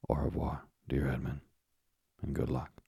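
A man reading the part of a kindly, fatherly old ship owner in a gentle way. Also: rumbling low, little pitch movement, measured pace, gravelly, slightly rough, no echo, studio quality, heavily acted. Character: elderly male ship owner, kindly and paternal.

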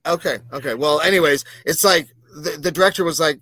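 A man guesting on a podcast, talking in a loose, animated way, swearing and joking with mock aggression. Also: a little high, fairly quick, few pauses, no room sound. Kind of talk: casual chat.

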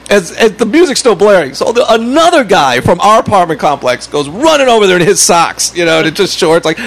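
An animated man on a casual podcast, launching into a long story and acting out every voice in it. His voice sits a little higher than most men's. He swears freely as he talks. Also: poor audio. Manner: animated, swears a lot, acts out voices in stories. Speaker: podcast co-host.

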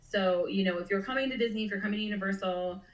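A woman's voice: mid-range voice, fast, echoey room, far from the mic, rough recording. A woman co-hosting a podcast, chatting casually with constant "like" fillers. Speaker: podcast co-host.

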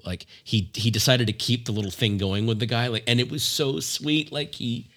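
A man co-hosting a podcast in casual chat, an animated, joking storyteller. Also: mid-range voice, moderate pace, few pauses. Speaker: podcast co-host.

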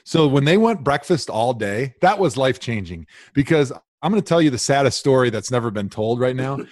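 Man, podcast co-host, from wisconsin, animated storyteller, mock outrage, dry close sound. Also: mid-range voice, brisk, dry recording. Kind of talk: casual podcast chat.

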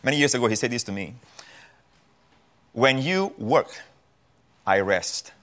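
A man's voice: mid-range voice, expressive, unhurried, a bit bright. A man teaching from the Bible as a guest on a talk show, earnest and repeating phrases for emphasis. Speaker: guest preacher.

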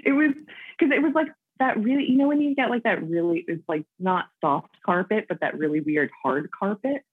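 Husky American woman on a phone line. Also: mid-range voice, animated, a little fast, no echo. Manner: chatty, fills speech with "like" and "um". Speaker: caller. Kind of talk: casual phone chat. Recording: tinny dry phone line.

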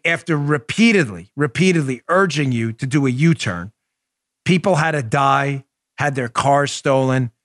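A man's voice: on the high side, no room sound, studio quality. A man hosting a political talk show, delivering an impassioned, emphatic monologue with lots of repetition.

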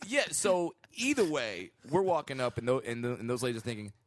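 A man's voice: medium pitch, very animated, brisk, a little hiss or hum. A man co-hosting a casual comedy chat, joking and laughing and slipping into silly impressions. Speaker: podcast co-host, comedian.

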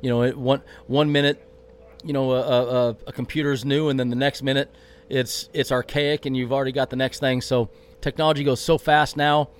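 A man answering interview questions in an energetic, brash way, rambling with restarts. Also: medium pitch, fairly quick. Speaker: racing driver guest.

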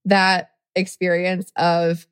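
A woman guest on an advice podcast, an epidemiologist, speaking in a thoughtful, measured way. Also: on the low side, completely flat delivery, clean tone. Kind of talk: casual chat.

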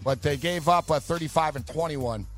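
A man's voice: on the high side, moderate pace, fairly bright tone, soft background music. A man hosting a sports betting show, joking and bantering in casual chat.

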